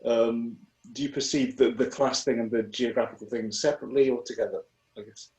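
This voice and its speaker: A man's voice: mid-range voice, steady tone, a little fast, darkish tone. A man puts a long, meandering question to a guest, thinking aloud as he goes. His voice carries a roomy echo, as on a video call from a bare room. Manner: thoughtful, rambling questioner. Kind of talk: interview question.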